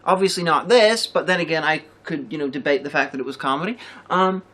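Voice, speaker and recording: A woman's voice: sits low, fast talker, a bit bright. A woman hosting a review show, chatting casually and enthusiastically, rambling and swearing freely. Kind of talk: casual chat.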